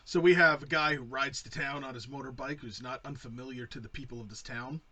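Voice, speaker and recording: A man's voice: mid-range voice, fairly even intonation, fairly quick, sharp tone, husky. A man co-hosting a casual movie review podcast, swearing freely and rambling through a plot summary with frequent laughs. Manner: profane, rambling, laughs often. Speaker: podcast co-host.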